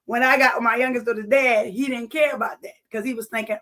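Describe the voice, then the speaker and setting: A woman's voice: a little high, fairly even intonation, fast talker, hardly any pauses, fairly bright tone. A woman giving a personal testimony to an audience, earnest, speaking to them directly and repeating phrases for emphasis.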